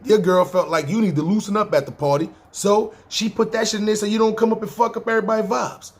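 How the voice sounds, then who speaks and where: A man's voice: high voice, fairly even intonation, fast, pitched above the performer's own voice. A man with a New York accent quoting a wired young man who has been up all night, blunt and careless.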